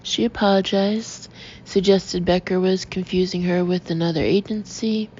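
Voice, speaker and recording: A woman narrating an audiobook in a measured, even reading, on a dull lo-fi recording with faint noise. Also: lowish voice. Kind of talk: scripted narration.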